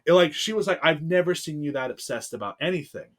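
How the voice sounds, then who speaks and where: Fast and lively in intonation, with a voice on the high side, an American man in his thirties tells a personal story as a podcast guest. The casual interview chat is heartfelt and full of fillers.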